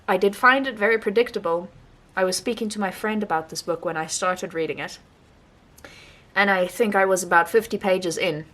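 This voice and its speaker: In a fairly low-pitched voice, a young female book vlogger rambles casually through her monthly reading wrap-up, staying animated and laughing a lot.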